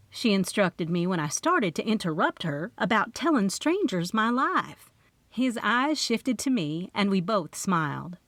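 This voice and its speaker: A woman's voice: lowish voice, expressive, moderate pace, fairly bright tone, no room sound. A woman narrating a cozy mystery audiobook in first person, in a conversational storytelling way.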